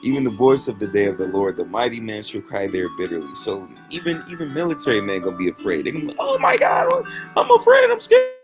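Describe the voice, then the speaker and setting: A man's voice: fairly low pitch, lively intonation, quick pace, few pauses, music in the background. A man in casual commentary, talking loosely in slang and reading scripture verses aloud. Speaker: host.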